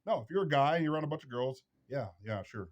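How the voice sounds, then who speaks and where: A man's voice: a little high, rapid-fire, dull audio. Blunt, preachy man giving advice. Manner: preachy, repetitive, emphatic. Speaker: vlog host.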